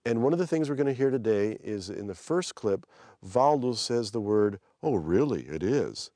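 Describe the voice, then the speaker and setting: A middle-aged man hosting a language-lesson podcast, explaining in a relaxed, chatty way. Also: mid-range voice, moderate pace, no echo, studio quality. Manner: relaxed, chatty, prone to restarts. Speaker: podcast host and language teacher. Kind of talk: explanatory teaching chat.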